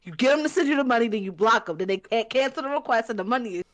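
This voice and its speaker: A woman's voice: fairly high pitch, lively intonation, very fast. A woman co-hosting a podcast in casual chat, joking and explaining at length with many fillers. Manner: chatty and joking, trailing filler-heavy explanations. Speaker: podcast co-host.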